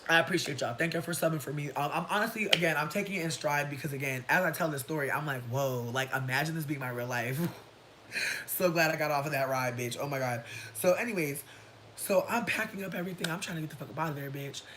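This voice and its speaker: A person in their thirties telling a story on a casual livestream, profane and animated, breaking into shouts and laughter. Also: mid-range voice, quick pace, background noise. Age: 30s. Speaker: livestream host.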